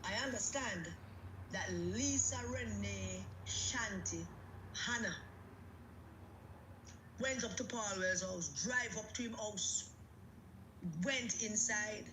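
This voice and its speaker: A woman's voice: medium pitch, slow, pauses often, echoey room, background noise. A woman with a Jamaican accent delivering an angry, emphatic political rant, repeating herself for force. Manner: agitated, emphatic, repetitive. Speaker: political commentator.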